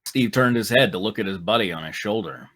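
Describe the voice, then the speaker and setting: A man with a voice on the low side and lively intonation hosts and narrates a live fan fiction read-through, talking a little fast with a slightly bright tone. He's playful and joking, breaking off to laugh and comment.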